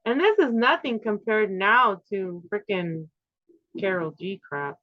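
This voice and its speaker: A woman's voice: medium pitch, lively intonation, a little slow, no echo. Woman, 50s, channel host, loose conspiratorial ramble on a muffled dry home mic. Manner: rambling, conspiratorial, with filler words. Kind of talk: casual monologue. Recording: slightly dull, dry home recording.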